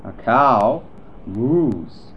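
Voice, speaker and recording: A man reads an animal-sounds lesson at a very slow, deliberate pace. His pitch rises and falls a lot as he names each animal. The recording is dull and lo-fi, with a faint hiss behind him. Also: animated. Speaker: narrator.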